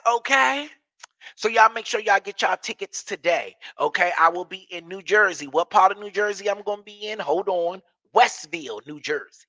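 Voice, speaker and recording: A man's voice: high voice, bright, forceful tone, no echo. A man with a Washington, DC accent hosting a live stream, reading viewer comments with brassy, profane, sassy banter.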